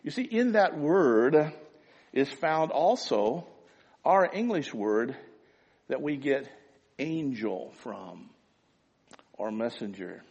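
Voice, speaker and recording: A man's voice: mid-range voice, slow pace, gravelly, long pauses, breathy edge, highs cut off. A man preaching a sermon as pastor, talking animatedly. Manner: animated preaching, rising to shouts. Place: church sanctuary. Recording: long echo of a church hall.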